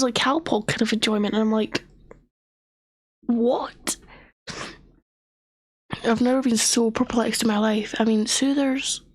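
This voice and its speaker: A young woman streams a story in casual chat, animated but often slipping into a whisper, her voice worn from a sore throat. Her pitch is on the high side, with no room sound.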